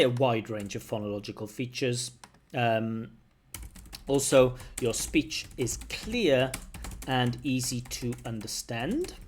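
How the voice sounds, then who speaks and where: A man's voice: medium pitch, a little hiss or hum. Conversational male language examiner. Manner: conversational, explains step by step and repeats phrases. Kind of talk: spoken exam feedback lesson.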